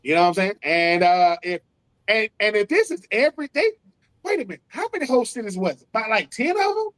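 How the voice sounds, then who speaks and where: A man in his forties, a former football player co-hosting a casual sports podcast, talking in animated, slangy bursts and acting out what other people said. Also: sits high, a little fast, rough recording. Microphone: streamed remote call.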